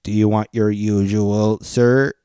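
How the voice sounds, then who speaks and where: A man doing a flat robot pizza assistant. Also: lowish voice, slow, smooth, no room sound, clean studio sound. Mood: matter-of-fact. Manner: flat, matter-of-fact robot voice. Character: robotic male pizza-ordering AI. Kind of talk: reading aloud a joke with voices.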